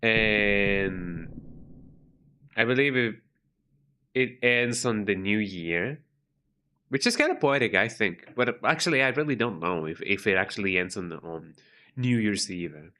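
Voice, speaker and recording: Over game music, a man streams a video game and chats casually, rambling and restarting often. His voice is fairly low with lively intonation and a sharp edge, and he speaks unhurriedly, pausing often.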